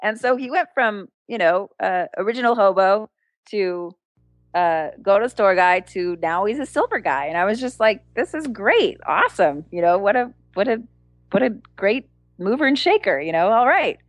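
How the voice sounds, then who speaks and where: Lively woman telling a street story. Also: moderate pace, no echo. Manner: animated, acts out quoted voices with a jump in pitch; laughs often while telling. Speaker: guest, street performer and entertainer. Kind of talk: storytelling anecdote in conversation.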